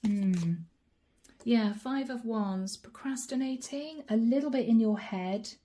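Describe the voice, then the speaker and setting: A woman giving a channeled tarot reading in a chatty, animated way, speaking straight to the listener by star sign and dropping to a soft whisper as she names each card. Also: fairly high pitch, takes it slowly. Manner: drops to a soft whisper when naming cards. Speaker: tarot reader.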